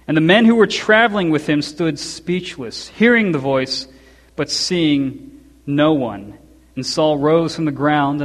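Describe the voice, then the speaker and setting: A man preaching an expository sermon in a church, telling the story conversationally with quick asides and chuckles. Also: mid-range voice, big-room sound.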